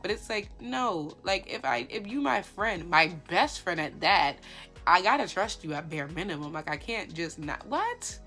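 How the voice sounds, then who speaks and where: Low-voiced woman doing animated commentary. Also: normal speed, faint music behind. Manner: animated, lots of rhetorical questions and fillers. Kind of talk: casual commentary.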